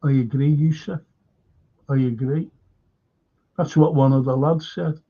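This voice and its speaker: A man hosts a live fan show, talking slowly with a gravelly, husky voice set a little high. He answers viewers by name and keeps repeating his points with emphasis and the odd swear word. The sound is dull and lo-fi. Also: fairly even intonation, dark tone. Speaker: fan channel host.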